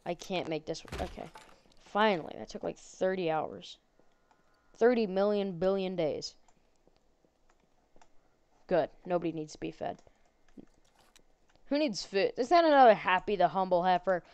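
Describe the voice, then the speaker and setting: A woman's voice: lowish voice, lively intonation, unhurried, long pauses, darkish tone, smooth, dry recording. A woman playing a horror game and commenting on it, sarcastic and jokey, chatting to the characters on screen. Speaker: gaming channel host.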